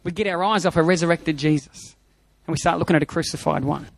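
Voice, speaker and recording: A man's voice: on the high side, quick pace, vocal fry, no room sound. A man preaching an Easter sermon, emphatic, with lots of repetition and a told joke. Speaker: pastor.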